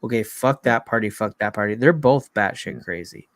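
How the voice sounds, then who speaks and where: A man's voice: fairly low pitch, normal speed, dry recording. Man, blunt and swearing, rambling casual podcast chat, dry close sound. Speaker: podcast co-host.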